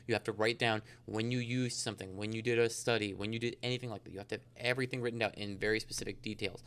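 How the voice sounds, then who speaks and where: Fast-talking man, crisp clear voice. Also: on the low side, fairly even intonation, fairly bright tone. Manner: fast, rambling storyteller with many fillers. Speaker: insurance agent guest. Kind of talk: casual podcast interview.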